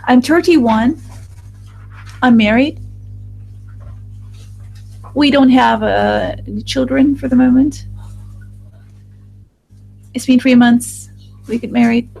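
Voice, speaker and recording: A woman giving a live voice-over interpretation of a group discussion, speaking in a halting way with restarts and fillers. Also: a little high, vocal fry, darkish tone, faint music behind, rough recording.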